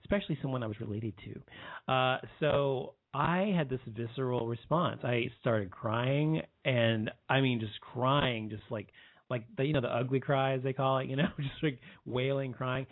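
A man's voice: medium pitch, no echo. A man in his thirties giving a heated, rambling personal commentary, restarting his sentences often. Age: 30s. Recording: tinny phone-like line.

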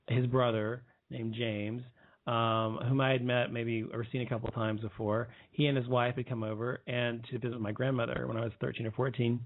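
Man in his thirties, mid-pitched voice, rambling and heated, lots of restarts, tinny phone-like sound, dry and close. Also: dry recording. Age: 30s. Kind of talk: personal commentary monologue.

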